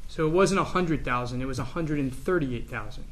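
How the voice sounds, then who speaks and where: A man's voice: mid-range voice, brisk, a little hiss or hum. A man questioning a witness in court with brief, direct questions. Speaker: defense attorney.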